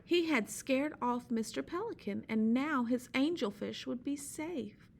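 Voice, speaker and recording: A woman reading a children's story aloud, with gentle asides explaining it to listeners. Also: high voice, measured pace, gravelly, a little hiss or hum.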